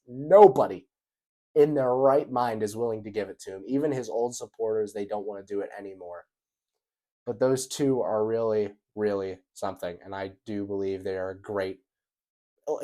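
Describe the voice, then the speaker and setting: A man's voice: mid-range voice, a little mellow. A young man rambling through a casual vlog commentary, repeating himself and swearing loosely. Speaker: vlogger.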